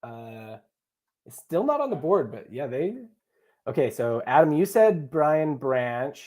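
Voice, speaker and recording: Young guy running a live stream, chill warm voice, joking with chat. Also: mid-range voice, big pitch swings, measured pace. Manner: jokey, chatty, talks to chat and co-hosts. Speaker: livestream host. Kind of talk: casual live chat reading viewer comments.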